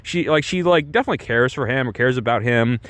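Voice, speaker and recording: A man's voice: mid-range voice, expressive, fast, fairly bright tone, no room sound. A man rambling casually through a movie review, restarting his sentences often and filling the gaps with "like" and "you know". He swears freely.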